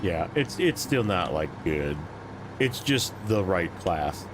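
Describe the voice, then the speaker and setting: A man's voice: deep voice, sing-song, takes it slowly, background noise. A man streaming a game, chatting casually with viewers in a rambling, joking way full of fillers. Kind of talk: casual gameplay chat with chat.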